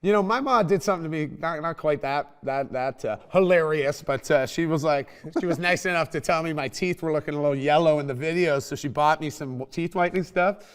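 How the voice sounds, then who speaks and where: A young man with a slightly high voice tells a story in casual conversation. He is animated and laughs often, and the swearing flows freely through his talk. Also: brisk, few pauses, clear, resonant tone. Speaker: podcast host.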